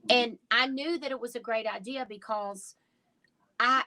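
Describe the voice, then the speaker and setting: Woman, lingerie store owner, guest; slightly high, emphatic and heartfelt storyteller. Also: a little slow, pushed and bright, rough recording. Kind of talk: casual interview chat.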